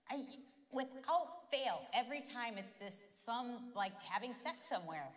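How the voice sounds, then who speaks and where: A woman's voice: a little high, expressive, unhurried. A woman sharing candid, playful stories from the church stage beside her husband. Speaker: pastor's wife and co-speaker. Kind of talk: sermon with personal stories. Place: church auditorium. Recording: long hall reverb in church.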